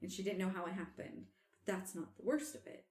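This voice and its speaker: A woman hosting a podcast, telling a story in casual chat, animated and quick to laugh. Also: fairly low pitch, echoey room. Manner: animated, laughs often, trails off and restarts. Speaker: podcast host.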